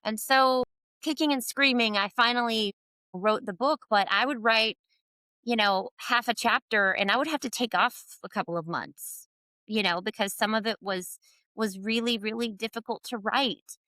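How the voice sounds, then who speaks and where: A woman's voice: a little high, moderate pace, bright, forceful tone, no room sound, rough recording. A middle-aged woman, an author and podcast guest, answering candidly, open and reflective with some self-deprecating humor.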